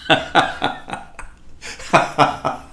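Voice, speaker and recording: A man's voice: very slow, pushed and bright. An older man with a Cockney accent, co-hosting a podcast in casual chat, agreeable and fond of recalling the old days. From England. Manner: easygoing, agreeable, reminiscing. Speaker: podcast co-host. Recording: roomy echo.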